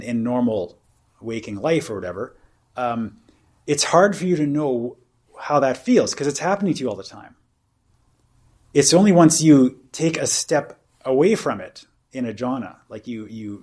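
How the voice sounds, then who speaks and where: A man leads a meditation retreat, explaining the practice in a loose, conversational way. He rambles and restarts his sentences, leaning often on "you know" and "like". His voice sits at a middling pitch for a man. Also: a little mellow, husky. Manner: casual and rambling, full of "you know" and "like" fillers. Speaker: meditation teacher. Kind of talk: informal dharma talk at a retreat.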